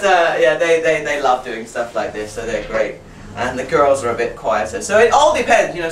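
A woman's voice: sits low, a bit bright, recorded from a distance. A woman talks a room of fellow teachers through a classroom routine, laughing easily and slipping into her pupils' voices. She sounds set back from the mic in a roomy space, with a faint hum of room noise behind her. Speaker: teacher trainer. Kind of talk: workshop talk to fellow teachers.

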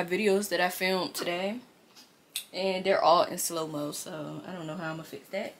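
A woman's voice: lowish voice, little pitch movement, moderate pace. A young adult woman talking casually to her viewers as a lifestyle vlogger, chatty and addressing them directly. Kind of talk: casual vlog narration to viewers. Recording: noisy outdoor and car background.

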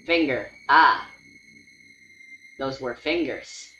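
A man giving casual gameplay commentary with dry, deadpan remarks. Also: medium pitch, drawn-out words, roomy sound, dull audio, crowd noise. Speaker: let's play gamer. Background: game music.

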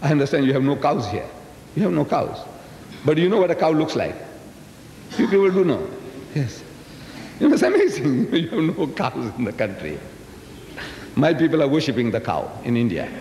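A man in his sixties from South Africa with a South African accent, giving a lecture to a live audience in a booming, carrying voice, teasing the crowd and firing questions at them. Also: very animated, normal speed, pauses often, darkish tone. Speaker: public speaker. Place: large hall. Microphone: PA microphone. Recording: echoey hall, faint background noise.

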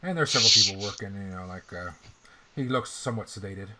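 Throat-clearing, profane game master man. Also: on the low side, quick pace, bright, forceful tone. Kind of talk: narrating a tabletop game.

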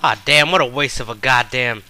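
A man's voice: mid-range voice, moderate pace, sharp tone, a little hiss or hum. A man giving live gameplay commentary, frustrated and trash-talking with profane outbursts.

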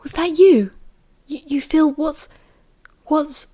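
A woman with a British accent voicing an excitable young man in a high, eager, breathless way. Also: moderate pace.

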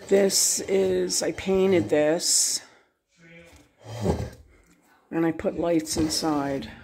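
A woman giving a casual, unhurried tour of her home craft room, pointing things out one by one. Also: lowish voice, darkish tone, a little hiss or hum.

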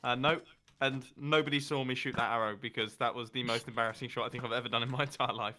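A man's voice: mid-range voice, steady tone, fast talker, pushed and bright, a little hiss or hum. A man in casual gaming chat, playful and giggly, rambling as he talks. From Britain.

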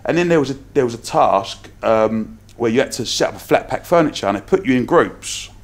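London geezer telling stories on a podcast, mid pitch, chatty, acts out the quotes. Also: male voice, fairly quick. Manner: lively anecdotes with acted-out quotes, frequent laughs. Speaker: podcast guest, entrepreneur. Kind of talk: casual storytelling.

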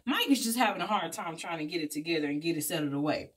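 A woman vlogger casually recapping a movie plot in an animated, slangy way. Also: on the low side, quick pace. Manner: animated storytelling, slangy asides, acts out characters' lines. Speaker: beauty vlogger reviewing a movie.

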